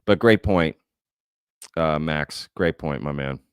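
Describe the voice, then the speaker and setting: Low-voiced man hosting livestream. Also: takes it slowly, smooth, dry recording, clean studio sound. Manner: conversational, thinking aloud with frequent "right?" and "um". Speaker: host. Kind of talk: livestream Q&A, reading chat comments.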